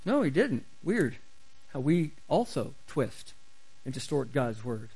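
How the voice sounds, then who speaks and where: A man's voice: medium pitch, very animated, takes it slowly, darkish tone, husky, low-quality recording. A man preaching a sermon as pastor, emphatic and repeating key phrases for stress.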